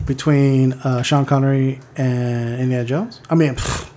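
A man's voice: medium pitch, steady tone, unhurried, warm tone, a little hiss or hum. A man co-hosting a casual movie podcast, rambling and filling his talk with "like" as he corrects himself. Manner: rambling, heavy use of "like", self-correcting. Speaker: podcast co-host.

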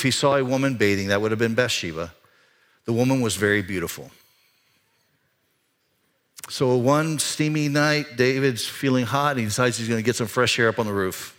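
A pastor preaching a sermon in a church, talking conversationally, climbing higher and louder for emphasis and dropping quiet for serious points. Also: male voice, moderate pace. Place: church sanctuary.

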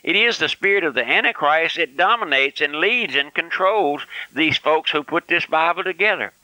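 A man's voice: fairly high pitch, expressive, moderate pace, sharp tone, no room sound, poor audio. An older man preaching a fiery, folksy radio sermon with lots of emphatic repetition.

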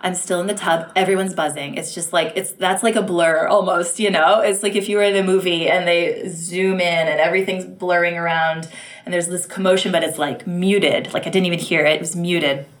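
A woman from the United States telling her birth story in an interview, animated, acting out quotes and laughing often. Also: on the low side, a little fast. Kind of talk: emotional personal storytelling.

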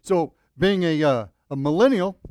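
A man's voice: on the high side, animated, moderate pace, darkish tone, no echo, studio quality. A man preaching as a pastor at a church service, praying earnestly and then telling a folksy joke with many fillers and restarts. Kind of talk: sermon with opening prayer.

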